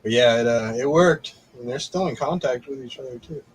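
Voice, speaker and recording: A man rambles through stories in a loose chat, swearing constantly and laughing often. His voice sits at a middling pitch for a man. A faint hum of noise sits behind him. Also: fairly quick, low-quality recording. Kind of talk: casual chat.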